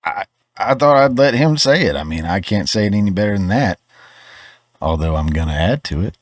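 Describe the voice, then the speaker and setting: Southern guy from georgia, lowish voice, dry mic, chatty rant w lots of restarts. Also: lively intonation, brisk, no echo. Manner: stammering restarts, conversational, opinionated. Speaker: podcast host. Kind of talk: opinion commentary.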